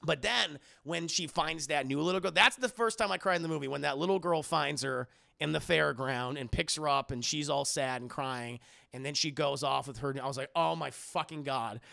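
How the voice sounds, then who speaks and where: A man hosting a casual chat show, rambling excitedly, swearing freely and laughing often. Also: fairly high pitch, fairly quick, creaky, no echo, clean studio sound. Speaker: podcast host.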